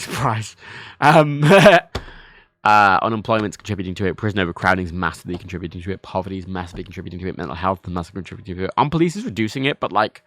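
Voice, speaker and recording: With an Irish accent, this man from Ireland provides casual stream commentary on a game he's playing, animated, rambling, and cursing liberally. His lowish voice is recorded at studio quality with no echo.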